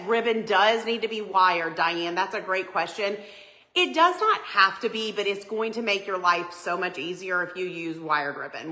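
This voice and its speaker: A woman's voice: mid-range voice, pushed and bright, echoey room, rough recording. A woman hosting a live Christmas decorating tutorial, chatty and upbeat, greeting viewers by name. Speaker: home decor livestream host. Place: home living room by a Christmas tree.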